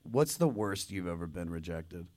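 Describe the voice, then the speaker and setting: A man's voice: low voice, expressive, moderate pace, a little mellow. Man hosting a live music podcast. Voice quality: reads background notes, asks playful questions. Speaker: podcast host. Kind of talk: conversational album discussion. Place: live podcast taping on stage.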